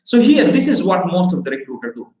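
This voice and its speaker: A man teaching recruiters in a slow, emphatic lecture, often checking in with "okay?" and "right?". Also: high voice, very animated, a little mellow. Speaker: recruiting trainer. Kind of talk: training lecture. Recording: roomy echo.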